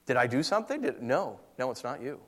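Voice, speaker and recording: A man preaching a sermon, telling a personal story in an emotional way that swings between hushed and raised. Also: mid-range voice, big pitch swings, fast.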